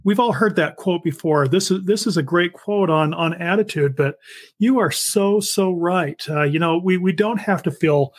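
A man with a fairly high voice hosts a casual interview. He sounds enthusiastic and chatty, often repeating a word as he restarts a sentence. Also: normal speed.

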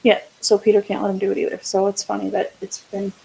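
A woman's voice: mid-range voice, completely flat delivery, fast talker, gravelly, dark tone, a little hiss or hum, poor audio. A woman co-hosting a casual podcast chat, speaking candidly and swearing freely as she tells stories and acts out quotes. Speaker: podcast co-host.

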